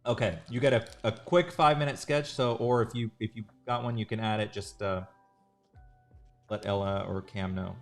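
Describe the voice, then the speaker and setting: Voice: mid-range voice, fairly even intonation, moderate pace. An artist hosting a drawing livestream, chatting casually with a laid-back, self-mocking manner and laughing easily. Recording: music playing behind.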